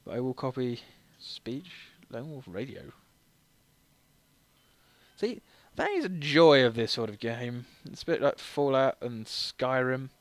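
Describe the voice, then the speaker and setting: A man's voice: medium pitch, very animated, measured pace, no echo. Brief: man, slightly drunk, self-mocking game streamer, dry close sound. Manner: rambling, self-deprecating, laughs often. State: tipsy. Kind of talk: casual let's-play commentary.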